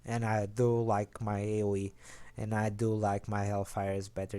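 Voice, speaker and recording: At a moderate pace with hardly any pauses, a young man with a slightly mellow voice rambles through a casual explanation of his card game deck. He stays low-key and corrects himself as he goes.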